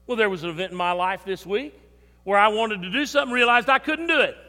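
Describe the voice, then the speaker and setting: An older man preaching a sermon in a church, emphatic, with swings between loud and soft. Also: high-pitched, fast. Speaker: pastor. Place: church sanctuary. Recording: long hall reverb.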